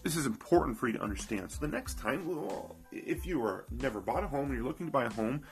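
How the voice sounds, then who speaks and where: A man's voice: mid-range voice, lively intonation, fast, gravelly, faint music behind. A man giving an emphatic finance talk, speaking straight to the listener and repeating his key points. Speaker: financial educator. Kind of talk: motivational finance talk to viewers.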